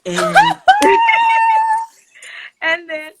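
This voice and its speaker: Animated, high-voiced woman telling stories. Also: very slow, shouting, very noisy. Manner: animated storyteller, bursts of high laughter. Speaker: singer being interviewed. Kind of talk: casual interview chat.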